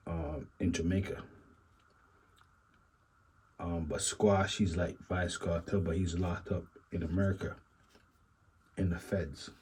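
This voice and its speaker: A man with a very deep, mellow voice talks through a casual reaction commentary. He rambles and muses, circling back to the same asides over and over. A faint background hiss sits under his voice. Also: poor audio. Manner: rambling, repeats stock phrases, musing asides. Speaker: commentary channel host.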